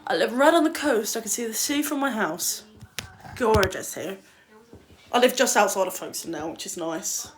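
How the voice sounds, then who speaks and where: A woman's voice: mid-range voice, lively intonation, moderate pace. A young woman chatting casually on a livestream, blunt and swearing freely as she answers viewer comments. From England.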